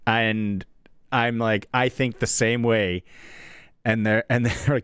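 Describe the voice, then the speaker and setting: Animated man telling a story in a dry studio. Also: medium pitch, slow, clear, resonant tone, no echo. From Canada. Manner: animated storyteller, acts out quoted people. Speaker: sports radio co-host. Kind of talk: casual chat, storytelling.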